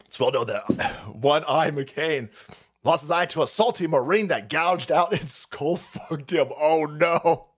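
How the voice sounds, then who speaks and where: A man's voice: fairly high pitch, a little slow, husky. A man hosting a livestream, ranting crudely and mockingly about the news and reading chat messages aloud. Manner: crude, mocking, puts on voices for quotes. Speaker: livestream host. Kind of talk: profane political rant stream.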